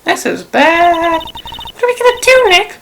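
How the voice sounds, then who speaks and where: A woman doing an excitable young sidekick. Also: very high voice, unhurried, gravelly, slight background noise, pitched above the performer's own voice, full character voice. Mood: excited. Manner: excitable, emphatic. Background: game music.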